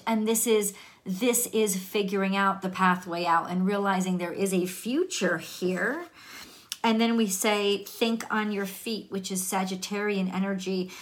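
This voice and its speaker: Woman, tarot reader, casual and chatty, mid-pitched voice. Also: fairly bright tone. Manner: chatty, laughs, restarts often.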